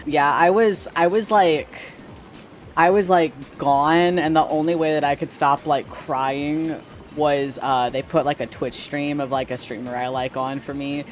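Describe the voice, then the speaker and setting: A woman guest in a casual chat, telling a story animatedly, swearing and dropping low and quiet at the punchlines. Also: steady tone, measured pace, soft background music.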